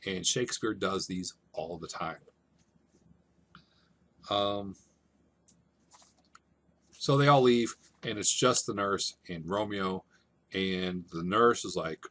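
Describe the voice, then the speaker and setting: A man teaching over slides, explaining a scene in relaxed, conversational everyday language. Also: fairly low pitch, slow, long pauses. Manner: relaxed, conversational, paraphrasing in plain modern speech. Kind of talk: casual classroom explanation.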